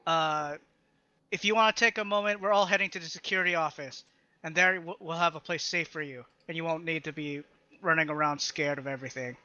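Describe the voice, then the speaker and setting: A man playing his calm, formally polite adventurer in a tabletop game. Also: a little high, normal speed, clean tone, dry recording, muffled recording. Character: overly calm, courtly young male adventurer.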